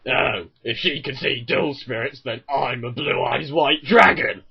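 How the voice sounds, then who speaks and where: A man's voice: medium pitch, a little slow, gravelly, slightly rough, dull audio, pitched above the performer's own voice, heavily acted. A man mocking a brooding anime duelist. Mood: mock serious.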